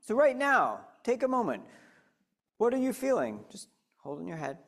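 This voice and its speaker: A man with a slightly high voice gives a lively, conversational talk to a live audience. He often turns to his listeners with questions and guides them through a simple practice as he speaks. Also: normal speed, vocal fry. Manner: animated, addresses listeners directly with questions. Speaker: speaker leading a mindfulness talk.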